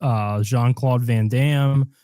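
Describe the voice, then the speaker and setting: A man's voice: medium pitch, steady tone, slow, dark tone, clear, resonant tone, dry recording, clean studio sound. A man hosting a casual podcast chat, joking around and playfully mispronouncing names, with lots of fillers. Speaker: podcast host.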